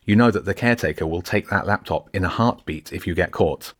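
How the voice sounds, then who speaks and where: A man's voice: low-pitched, brisk. A man voicing a sensible schoolgirl who warns her friend to be careful, in an audiobook. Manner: warning, sensible.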